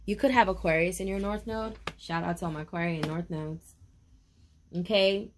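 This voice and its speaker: A woman giving a tarot reading for viewers in a casual video, talking in a lively, confident way and calling them baby and honey. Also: lowish voice, moderate pace, slight background noise. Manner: chatty, sure of herself. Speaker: tarot reader.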